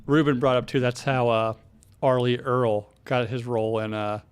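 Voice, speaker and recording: A man's voice: mid-range voice, fairly even intonation, normal speed, clear, resonant tone, soft background music. A man co-hosting a podcast, telling loose, profane stories in casual chat. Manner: loose, profane, laughing storytelling. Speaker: podcast co-host.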